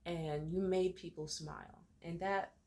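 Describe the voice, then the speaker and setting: A woman's voice: on the low side, fairly even intonation, measured pace, mellow, a little hiss or hum. A young woman vlogging at home, crying happy tears and gushing about her gratitude to her viewers, laughing through it. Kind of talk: emotional direct-to-camera vlog. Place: home room.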